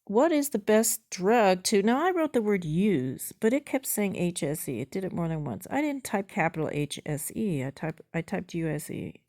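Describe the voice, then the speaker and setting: A woman's voice: lowish voice, sing-song, normal speed, few pauses, a little mellow. A woman in her sixties casually reading out a chat log, chatty with wry asides. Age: 60s. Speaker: vlogger.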